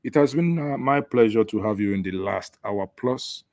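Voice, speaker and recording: Here a Nigerian-accented host fields callers on his satirical show, cracking sarcastic jokes about the news. He speaks at a normal speed in a lowish, somewhat dark voice, and the recording is dry.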